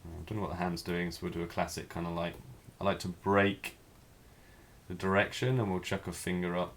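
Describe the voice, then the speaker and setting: Low-voiced man teaching life drawing. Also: fairly quick, a little hiss or hum. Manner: relaxed, thinking aloud while drawing. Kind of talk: live drawing demonstration.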